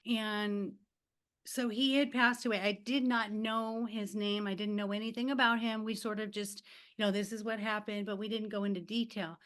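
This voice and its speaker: A woman's voice: mid-range voice, little pitch movement, moderate pace, fairly bright tone. A middle-aged woman, a life coach and podcast guest, telling stories in a casual chat, acting out quotes and laughing often.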